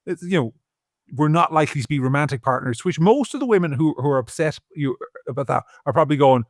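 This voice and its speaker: A man's voice: a little high, lively intonation, fast talker, no echo, studio quality. A man with an Irish accent co-hosting a podcast, hesitant and defensive with stammering restarts. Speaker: podcast co-host. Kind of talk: casual podcast chat.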